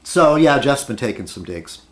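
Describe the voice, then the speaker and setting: A man's voice: medium pitch, very animated, moderate pace. A man rambling at his desk in an opinion video blog, arguing with many rhetorical questions and fillers. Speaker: video blogger.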